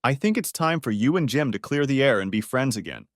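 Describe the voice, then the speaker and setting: A man's voice: mid-range voice, expressive, brisk, no room sound, clean studio sound, voice pushed up, close to an everyday voice. A man voicing a charming, confident young French wife who teases and persuades with poise.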